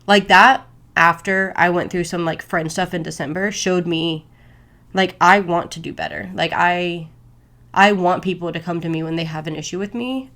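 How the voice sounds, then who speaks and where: Young woman rambling on her podcast, kinda low voice, lots of "like"s. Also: a bit bright. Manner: candid, rambling, heavy on "like" fillers. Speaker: podcast host. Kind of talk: casual solo podcast talk.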